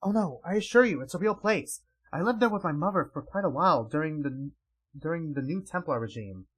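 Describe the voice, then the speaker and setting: A man reading a calm young mage. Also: fairly high pitch, a little fast, breathy edge. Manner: quiet and reassuring.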